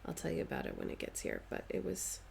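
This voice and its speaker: A woman's voice: quick pace, a little mellow. A woman chatting casually on a live stream while she stitches, answering viewers' comments and playfully dramatizing her stories.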